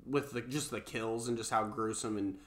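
A man's voice: fairly low pitch, fairly even intonation, normal speed. A young man co-hosting a podcast, talking loosely with slang and swearing. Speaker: podcast co-host. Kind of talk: casual chat.

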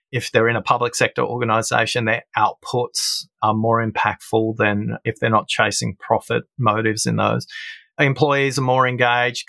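Middle-aged male guest, explanatory storyteller, average pitch, dry close sound. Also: creaky, sharp tone, no echo. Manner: storytelling, explanatory, acts out quoted voices. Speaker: guest, listening expert. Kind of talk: conversational interview.

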